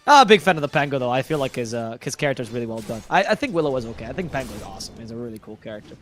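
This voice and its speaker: A man's voice: mid-range voice, sing-song, very fast, fairly bright tone, faint music behind. A man from Spain, speaking English as a second language, giving chatty, opinionated live commentary on a match. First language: a regional language of Spain. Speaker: esports commentator.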